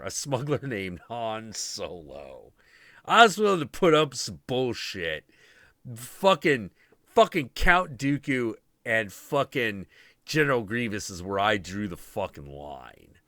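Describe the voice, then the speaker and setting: A man's voice: lowish voice, pushed and bright, no room sound, clean studio sound. A man hosting a casual live stream, rambling sarcastically and swearing constantly while mocking film characters. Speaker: podcast host. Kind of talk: profane casual stream chat.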